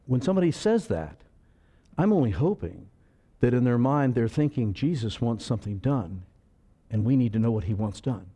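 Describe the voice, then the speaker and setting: A medium-pitched, slightly breathy male pastor gives a lively sermon at a normal pace. He acts out voices and alternates between loud and soft.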